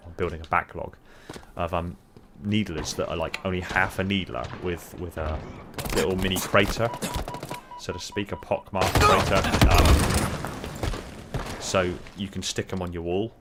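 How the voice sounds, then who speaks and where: A man's voice: low voice, wildly swooping pitch, normal speed. A man streaming a video game, chatting casually to viewers with lots of fillers while he plays. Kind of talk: casual gaming commentary. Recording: game gunfire noise behind voice. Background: game gunfire and sound effects.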